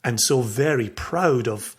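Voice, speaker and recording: A man's voice: mid-range voice, unhurried, husky. A Scottish man co-hosting a podcast in casual chat, reflective and heartfelt, chuckling between thoughts. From Scotland. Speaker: podcast co-host.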